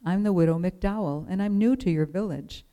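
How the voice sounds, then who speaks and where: A storyteller voicing a polite, gentle widowed mother who asks a favor in a soft, courteous way. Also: mid-range voice, moderate pace, lightly acted.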